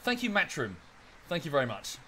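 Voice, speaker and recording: A man's voice: fairly high pitch, wildly swooping pitch, brisk, sharp tone, slight background noise. A man streaming live, chatting casually in a rambling way with many fillers and restarts, thanking viewers in chat as he goes.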